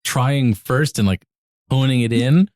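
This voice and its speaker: A man co-hosting a comedy podcast, improvising with a dry, deadpan delivery. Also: mid-range voice, measured pace, no room sound. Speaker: podcast co-host.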